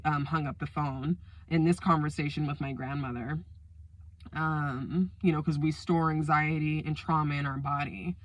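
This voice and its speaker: A woman telling a personal story time to her viewers, emotional and animated, acting out the quoted lines. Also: low voice, dry recording. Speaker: storyteller vlogger.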